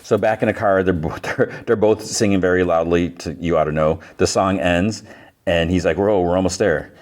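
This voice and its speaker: A man's voice: sits low, steady tone, normal speed, darkish tone. A man hosting a podcast, casually recapping a show scene by scene and quoting the characters' lines. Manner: retells scenes with quoted lines, many "like"s. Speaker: podcast host.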